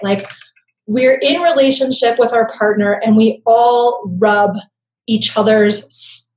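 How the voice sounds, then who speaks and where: A woman explains things conversationally as an interview guest, often tagging her points with "right?". Her voice sits at a medium pitch and has a roomy echo around it. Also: darkish tone. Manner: conversational, frequent tag "right?". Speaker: guest expert on attachment.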